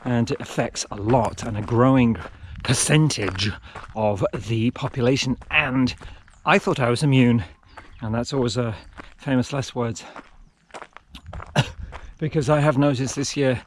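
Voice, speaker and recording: A man's voice: medium pitch, measured pace, slight background noise. Chatty man vlogging on a mountain trail. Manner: chatty, self-mocking asides to himself. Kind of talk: casual running vlog narration.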